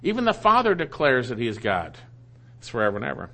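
A man's voice: medium pitch, wildly swooping pitch, fast talker, gravelly, fairly bright tone. A man preaching a sermon that teaches through a Bible passage, emphatic and repeating key phrases for stress.

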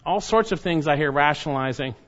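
A man's voice: on the high side, lively intonation, a little fast. Emphatic preacher man, dull lo-fi recording. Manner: preaches emphatically, rising and loud when exhorting. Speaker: pastor. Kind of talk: expository sermon.

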